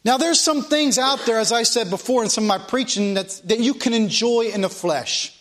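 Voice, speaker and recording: A man preaching a Sunday sermon in a high-pitched voice, stressing each point by saying it more than once. Between his own words he reads scripture aloud in the old King James phrasing. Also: moderate pace, a bit bright. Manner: preaching with emphatic repetition, reading scripture aloud. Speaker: pastor.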